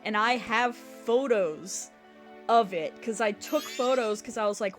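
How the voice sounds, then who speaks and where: A young adult woman streaming a game, telling a story in an animated, exasperated way with plenty of swearing. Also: fairly high pitch, moderate pace, faint music behind. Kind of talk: casual storytelling while gaming.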